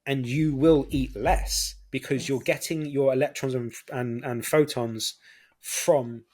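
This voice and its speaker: A man's voice: medium pitch, fairly even intonation, slow pace, darkish tone. British guy hosting a health podcast, keen and chatty, lots of likes and you knows. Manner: enthusiastic, explanatory, many fillers. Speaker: podcast host. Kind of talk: casual chat.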